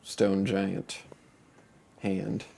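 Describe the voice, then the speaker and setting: Guy running a dnd game, low gravelly voice, takes his time. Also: monotone, a little mellow, a little hiss or hum. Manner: slow, gravelly narration. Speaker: game master. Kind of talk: narrating a tabletop game.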